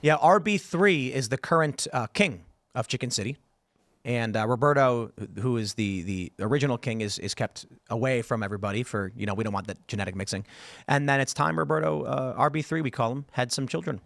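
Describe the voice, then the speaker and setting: A man hosting a casual panel talk show, telling stories in an animated way and reading viewer comments aloud. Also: mid-range voice, fairly quick, vocal fry, no echo. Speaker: show host.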